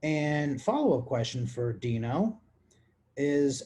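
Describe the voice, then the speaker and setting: His voice medium-pitched and a little mellow, a Texan podcast host speaks at a measured pace and pauses often. He is drunk, rambling crudely through listener questions in a casual, comic monologue.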